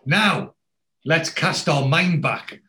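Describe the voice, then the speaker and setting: A man's voice: a little high, takes it slowly, sharp tone. Chatty man retelling a story. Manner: chatty storyteller, drops into quoted lines, many fillers. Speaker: podcast co-host recapping a TV episode. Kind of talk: casual chat, retelling scenes with quoted dialogue.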